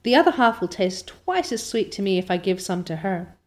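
A woman reading aloud as an excitable, chatty orphan girl who gushes with wide-eyed delight. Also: mid-range voice, brisk, lightly acted. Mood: eager. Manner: breathless, gushing, wide-eyed.

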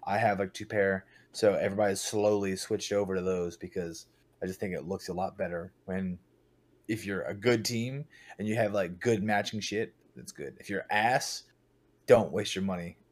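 A young man in casual podcast chat, blunt and profane, telling animated stories about his team. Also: low voice, moderate pace. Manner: blunt, swears a lot, animated storytelling. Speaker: podcast guest, paintball team captain.

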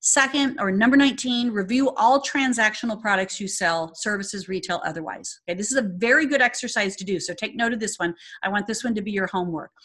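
A woman coaching salon owners, her voice sitting at an ordinary middle pitch. She speaks in a direct, emphatic way and keeps checking in with her listeners. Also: a bit bright.

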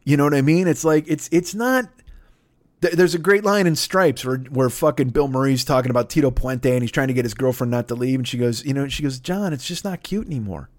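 A man's voice: medium pitch, fairly even intonation, fairly quick. A man in his fifties hosting a podcast, talking in a blunt, rambling monologue full of swearing and restarts. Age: 50s. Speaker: podcast host. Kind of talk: profane casual monologue.

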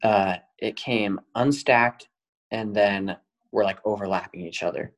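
Low-voiced young man telling a story. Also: measured pace, low-quality recording. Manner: detailed, earnest storytelling with many fillers. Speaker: guest. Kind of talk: personal storytelling on a podcast.

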